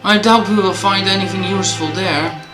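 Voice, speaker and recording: A man's voice: high-pitched, fairly even intonation, moderate pace, lightly acted. A man voicing a haughty, elitist young male pigeon in a game, speaking with pompous disdain. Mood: disdainful. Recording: roomy, game music behind.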